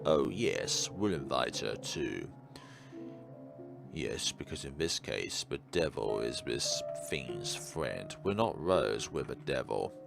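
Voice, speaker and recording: A man's voice: extremely low pitch, big pitch swings, slow pace, gravelly, music in the background. A man commentating a horror game let's play with chatty, rambling asides. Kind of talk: gameplay commentary.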